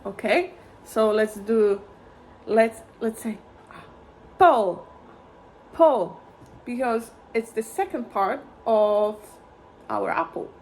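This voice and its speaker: A woman gives a violin lesson in a slightly high voice, speaking slowly and patiently. She chants simple fruit words to count out the rhythms. Faint room noise sits behind her. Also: steady tone, darkish tone. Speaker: violin teacher.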